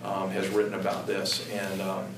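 A man earnestly talking about Christian parenting in a halting, emphatic way. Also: low-pitched, completely flat delivery, a crowd in the background. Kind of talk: conversational talk. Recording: echoey room, distant mic, background noise.

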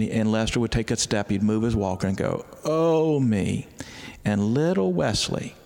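A middle-aged pastor tells stories as a guest on an interview, stumbling over his starts and then acting out the voices in them. His voice is gravelly and rough. The room leaves a long reverb on it. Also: lowish voice. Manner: animated storyteller who restarts often and acts out voices. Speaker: pastor and author.

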